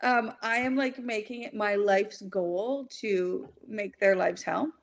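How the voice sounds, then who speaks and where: A woman's voice: mid-range voice, takes it slowly, vocal fry. A woman in her thirties, a stand-up comedian, chatting casually with brash, profane humor and frequent laughter. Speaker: comedian guest. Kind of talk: casual podcast chat.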